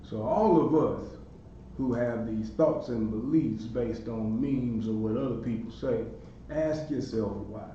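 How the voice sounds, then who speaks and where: A podcast host in his forties tells a story with animation in a mellow, darker voice. He sits far from the mic in a very echoey room, and the recording sounds dull and lo-fi with faint noise underneath. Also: medium pitch, a little slow. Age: 40s. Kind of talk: storytelling monologue.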